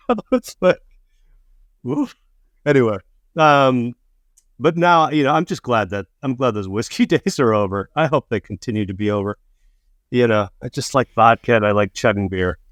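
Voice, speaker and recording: A middle-aged man, a comedian, casually telling drinking stories, swearing and self-mocking, acting out quotes with sudden high voices. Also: moderate pace, a bit bright, no echo, studio quality. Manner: swearing, self-mocking, acts out quotes with big pitch jumps. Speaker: podcast co-host, comedian. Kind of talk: casual storytelling chat.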